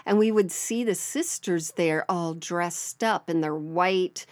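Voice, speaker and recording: A woman's voice: on the low side, takes it slowly, a little mellow, no room sound, clean studio sound. A woman co-hosting a podcast, telling a listener's story in a chatty, storytelling way with frequent laughs. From American South. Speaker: podcast co-host. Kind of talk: casual podcast chat, reading a listener story.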